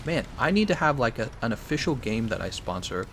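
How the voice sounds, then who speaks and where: Gravelly, animated young male streamer. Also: mid-range voice, brisk, slight background noise. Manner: joking, reads chat aloud, animated. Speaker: gaming live streamer. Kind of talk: casual live stream chat.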